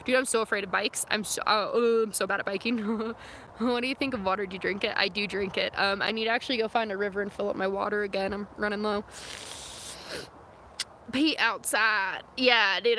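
A young woman reads viewer comments on a phone-camera livestream from the wilderness beside her van, responding in a rambling style with lots of "like" and "um". Her mid-range voice is fairly even, fairly quick, pushed and bright, with a little hiss or hum.

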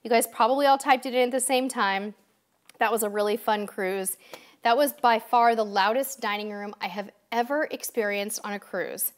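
A woman with a voice on the high side, speaking at a normal speed, hosts a live-stream quiz. She chats upbeat and directly with her viewers, though she sounds a bit tired.

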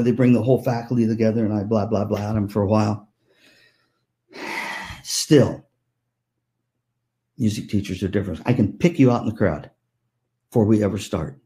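An older man giving a keynote to music teachers, telling lively anecdotes and acting out the voices of people in them. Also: medium pitch. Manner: animated, acts out voices in anecdotes. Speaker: keynote speaker. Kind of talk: storytelling keynote. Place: virtual conference talk.

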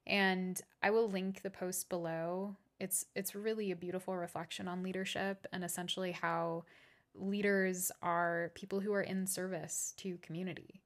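Low, flat-voiced woman podcast host. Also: moderate pace. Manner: earnest and reflective, with fillers and occasional swearing. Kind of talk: reflective solo podcast monologue.

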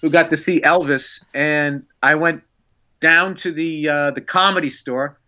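A man, a stand-up comedian, telling an animated story with laughs. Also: fairly high pitch, highs cut off. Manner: animated, laughing, fast-paced anecdote telling.

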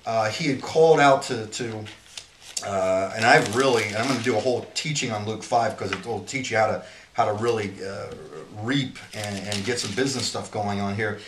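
A man's voice: lowish voice, normal speed, a bit bright, roomy sound, slight background noise. A man giving an informal Bible teaching in an earnest, rambling way, often restarting his sentences.

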